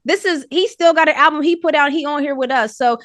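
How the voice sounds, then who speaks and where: A woman co-hosting a podcast in casual chat, animated and urging listeners to support a friend's music. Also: high-pitched, quick pace, dry recording. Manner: animated, hypes and urges listeners. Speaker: podcast co-host.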